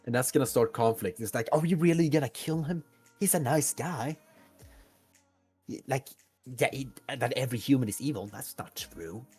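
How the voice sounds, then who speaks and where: A man's voice: mid-range voice, moderate pace, a little mellow, slightly rough, faint music behind. A man, co-hosting a casual podcast and loosely brainstorming a story idea. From Sweden. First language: Swedish. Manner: rambling, loose and full of fillers. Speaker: podcast co-host.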